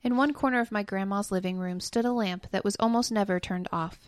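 A woman's voice: mid-range voice, fairly quick, no echo. A woman co-hosting a podcast, who laughs often and breaks up mid-sentence while chatting and reading a spooky story. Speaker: podcast co-host. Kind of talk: giggly casual chat and reading a spooky story.

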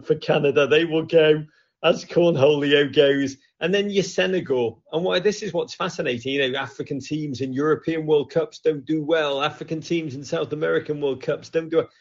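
Animated man with a gravelly voice. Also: a little high. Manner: animated, joking, swings from loud to hushed. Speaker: host. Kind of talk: lively football chat show with callers. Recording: dull lo-fi sound.

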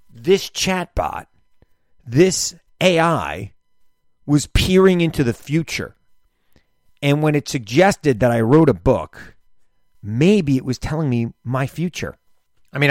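In a loose, wandering chat on his own podcast, a middle-aged man speaks in a mid-range voice, frequently tripping over words and starting again with a stammer. The recording is dry and studio quality.

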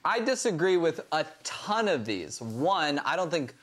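A man's voice: a little high, big pitch swings, a little slow, a bit bright. Joking man with a Valley accent. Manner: joking, rambling anecdotes, lots of "like". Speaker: co-host. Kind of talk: casual chat.

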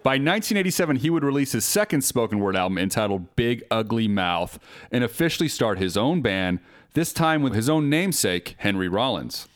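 A man's voice: medium pitch, big pitch swings, fairly quick. A man narrating a documentary and putting questions to an interviewee.

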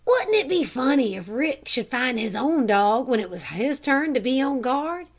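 A woman's voice: high-pitched, big pitch swings, moderate pace. A woman voicing a hopeful young boy scout in a storybook reading, speaking breathlessly and eagerly.

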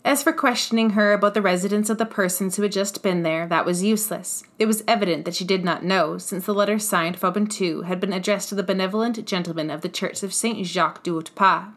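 A woman hosting a storytelling podcast, calmly reading chapters of a classic novel aloud. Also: mid-range voice, brisk, few pauses.

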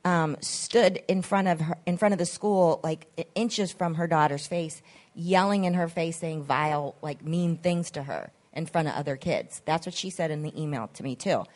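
A woman's voice: on the low side, moderate pace, a little mellow. A woman hosting a podcast, telling a story in casual chat, acting out the quoted voices and swearing freely. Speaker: podcast host.

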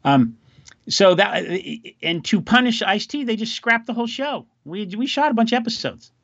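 A man's voice: sits high, lively intonation, moderate pace, a bit bright, no echo, muffled recording. A man hosting a podcast, telling stories in a loose, rambling, wry way. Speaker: podcast host. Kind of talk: casual chat.

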